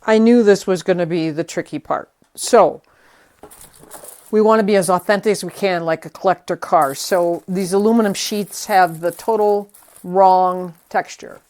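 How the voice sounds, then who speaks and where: A woman's voice: fairly low pitch, fairly even intonation, moderate pace, darkish tone. A woman vlogger talking herself through a hands-on repair project in a chatty, slightly nervous way. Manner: chatty, self-talking while working, nervous. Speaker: vlogger restoring a vintage tree. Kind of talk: casual hands-on how-to narration.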